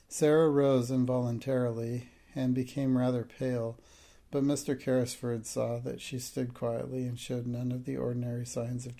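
Man, audiobook narration, gravelly voice, dark mellow tone. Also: mid-range voice.

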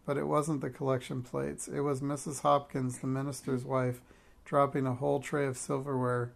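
A man's voice: medium pitch, level tone, normal speed, creaky. A man reading a children's story aloud with wry, amused storytelling.

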